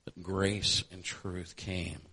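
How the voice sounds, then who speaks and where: A man's voice: sits low, level tone, slow pace, pushed and bright. A male preacher delivering a sermon, telling a conversion story and building to an impassioned altar call.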